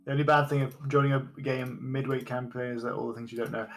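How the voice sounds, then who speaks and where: A game master on a live stream talks fast in a flat, medium-pitched voice, rambling loosely, stopping to correct himself, and laughing a lot. Soft music plays underneath.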